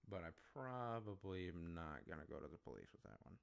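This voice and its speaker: A man's voice: low-pitched, gravelly, clean tone. A man hosting a solo podcast, ranting bluntly with heavy swearing as he gives his opinions. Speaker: podcast host.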